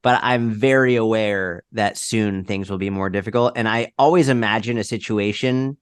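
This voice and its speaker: Low-voiced man telling stories, dry sound. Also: moderate pace, clear, resonant tone, no room sound. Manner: rambling, many "like" fillers. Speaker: podcast guest. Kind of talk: casual conversational storytelling.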